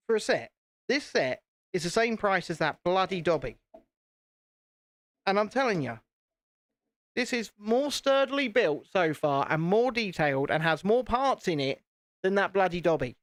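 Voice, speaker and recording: A man's voice: sits high, expressive, measured pace, long pauses, no room sound. A British man hosting a casual live stream, chatting to viewers while he builds and poking fun at himself. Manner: chatty, self-deprecating, talks to viewers.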